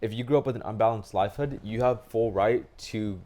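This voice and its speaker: A man co-hosting a podcast in casual chat, animated and swearing freely. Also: on the low side, fairly quick. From Hispanic family in the United States. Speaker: podcast co-host.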